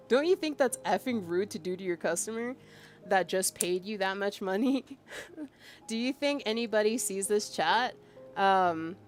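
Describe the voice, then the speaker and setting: A woman streaming as a VTuber, casually venting as she reads out a chat log, exasperated and emphatic with lots of fillers. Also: mid-range voice. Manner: exasperated and emphatic, with frequent fillers and bursts of laughter.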